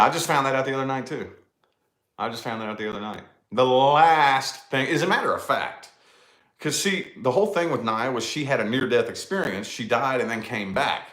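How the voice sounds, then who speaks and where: A man's voice: mid-range voice, fairly bright tone, reverberant. A middle-aged man hosting a casual tarot livestream chat, laid-back and swearing freely, calling his viewers dude and y'all. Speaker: tarot channel host.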